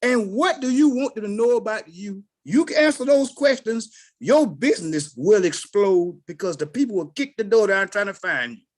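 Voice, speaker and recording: Older man, storyteller type, big swings from mumbly to shouty, folksy. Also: normal speed. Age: 60s. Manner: animated, swings between low mutters and loud outbursts. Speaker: call participant sharing a story. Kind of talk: casual storytelling.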